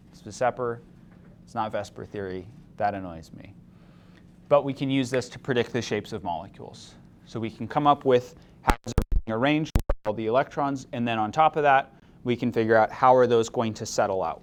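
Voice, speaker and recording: A man's voice: medium pitch, a little hiss or hum. A man teaching a chemistry lecture, explaining step by step and asking the class questions. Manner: asks the class questions, mildly opinionated. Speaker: chemistry instructor.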